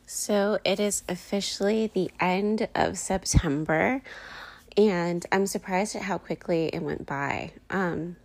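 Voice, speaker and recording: A woman's voice: on the low side, slow pace, vocal fry, a little mellow. A woman in her thirties hosting a casual personal podcast, talking candidly and emotionally with lots of "like" and "um" fillers. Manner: chatty, many "like" and "um" fillers. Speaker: podcast host.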